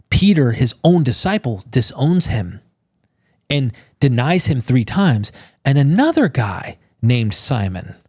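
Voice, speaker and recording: A man talking casually as a podcast guest, animated and informal, acting out quotes in exclaiming voices. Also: mid-range voice, no echo, studio quality. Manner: casual, swears and says bro.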